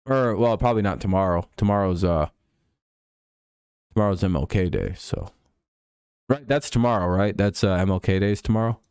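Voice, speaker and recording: A man's voice: deep voice, moderate pace, long pauses, darkish tone, clear, resonant tone, dry recording, clean studio sound. Young male streamer, loose and profane, mocks and rants while chatting with his viewers. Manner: profane, ranting, mocking. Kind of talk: live game watch-along chat.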